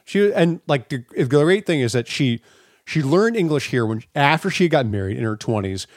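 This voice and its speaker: A middle-aged man co-hosting a podcast, telling stories in a casual, profane, animated way. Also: mid-range voice, normal speed, no echo, clean studio sound. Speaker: podcast co-host. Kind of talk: casual chat.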